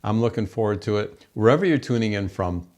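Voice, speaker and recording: A man's voice: on the low side, animated, a little fast, a little mellow. A man hosting a home cooking show from his kitchen, gushing over the food and talking to viewers as folks.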